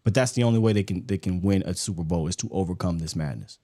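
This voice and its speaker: A man's voice: low voice, fast, mellow. A man hosting a casual sports talk show, speaking in a sarcastic, mocking way. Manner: sarcastic, mocking, puts on quoted voices. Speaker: sports podcast host.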